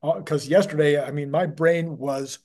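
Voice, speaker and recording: A male host in a casual interview chat, hoarse and getting raspier, talking in a chatty way with many restarts. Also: on the high side, steady tone, moderate pace, a little mellow. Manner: chatty, with frequent restarts and fillers.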